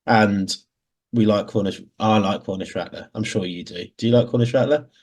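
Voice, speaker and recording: A man's voice: fairly low pitch, normal speed, a little mellow. A man with an English Midlands accent co-hosting a casual podcast, bantering and laughing often. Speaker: podcast co-host. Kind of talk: casual chat.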